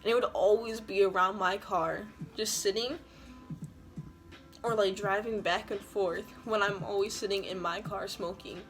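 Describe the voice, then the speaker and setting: A woman's voice: mid-range voice, steady tone, measured pace, a bit bright, soft background music. A young woman telling a casual storytime vlog, slangy and full of swearing and "like" fillers. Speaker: vlogger.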